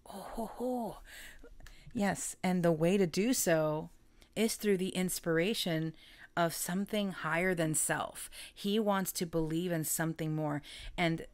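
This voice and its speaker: A woman's voice: lowish voice, measured pace. A woman giving a casual, chatty tarot reading, rambling, self-correcting and often breaking into laughter. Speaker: tarot reader.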